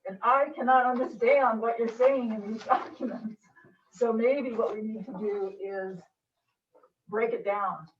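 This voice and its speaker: A woman making a hesitant, modest comment at a council meeting, with fillers and a few quick laughs at herself. She is heard from far off in an echoey room, and the sound is dull. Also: fairly high pitch, steady tone. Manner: hesitant, self-deprecating. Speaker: public commenter at a city meeting. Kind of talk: public comment. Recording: echoey room from afar, muffled.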